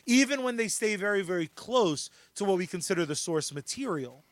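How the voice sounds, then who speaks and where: A man co-hosting a podcast, talking with excitable enthusiasm and casual swearing. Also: high voice, a little fast. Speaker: podcast co-host.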